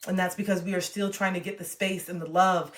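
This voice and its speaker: A woman's voice: lowish voice, fairly even intonation, fairly quick. Thirty-something woman coaching folks on a stream, real blunt, cusses a lot, leans hard on her points. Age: 30s. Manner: blunt, emphatic, swears freely. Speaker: relationship coach and author. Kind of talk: motivational livestream talk.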